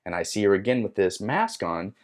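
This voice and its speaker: Animated low-voiced man telling a story. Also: brisk. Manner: animated, acts out his own quotes. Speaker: podcast guest. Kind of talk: casual storytelling.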